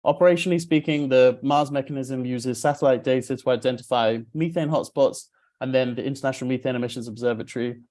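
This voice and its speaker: A man opening an online panel with a polite, measured delivery. His voice sits at a middling pitch and sounds slightly muffled from a sore throat. He pauses now and then on small hesitations. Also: darkish tone. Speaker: event moderator. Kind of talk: formal webinar introduction.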